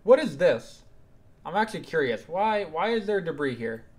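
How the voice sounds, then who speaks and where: A young man streaming live gameplay and chatting with viewers, excitable and suddenly louder when something happens. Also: on the high side, normal speed.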